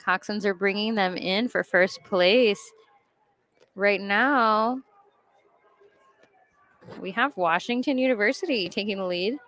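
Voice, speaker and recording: A woman's voice: medium pitch, takes it slowly, long pauses, fairly bright tone. A woman doing color commentary at a rowing race, chatty and explaining the sport in plain terms.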